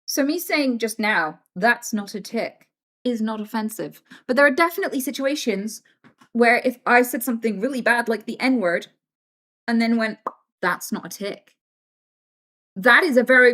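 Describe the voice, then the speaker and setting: A woman's voice: a little high, a bit bright. A young British woman chatting casually on a livestream, frank and swearing freely as she tells stories.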